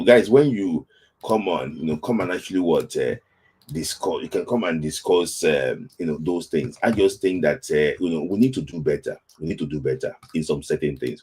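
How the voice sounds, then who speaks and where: A Nigerian man with a husky, dark-toned voice hosts a casual football live stream. He speaks in a lamenting way, circling back to the same phrases again and again, while his pitch swings widely. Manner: lamenting, repeats phrases over and over. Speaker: football talk show host.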